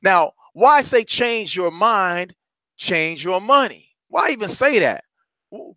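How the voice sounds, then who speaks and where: A man with a high, bright voice speaks forcefully in a dry space with no echo. He hosts a motivational talk as a courage coach, calling his listeners brothers and sisters and repeating phrases for emphasis.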